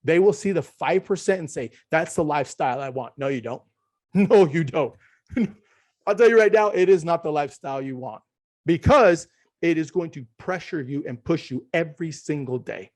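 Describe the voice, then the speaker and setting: A middle-aged man, a podcast guest, talking in an emphatic, ranting way and dropping to a hushed tone when he quotes himself. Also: fairly high pitch, expressive, normal speed. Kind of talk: animated conversational storytelling.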